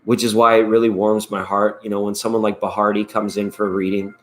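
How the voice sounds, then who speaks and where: Male tarot stream host, slightly low voice, loose and rambling, playful, laughs easily. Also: little pitch movement, quick pace, a little hiss or hum. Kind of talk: casual live-stream chat.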